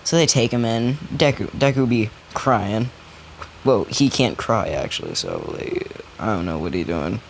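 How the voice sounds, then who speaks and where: A man's voice: fairly low pitch, big pitch swings, unhurried, gravelly, a little hiss or hum. A young man telling a made-up story in casual chat, loose and slangy, full of fillers and restarts.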